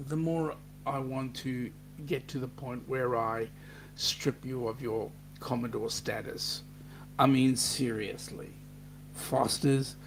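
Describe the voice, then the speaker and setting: A man's voice: medium pitch, slight background noise. A middle-aged Australian man hosting a casual livestream, joking and reading viewer comments aloud. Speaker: host.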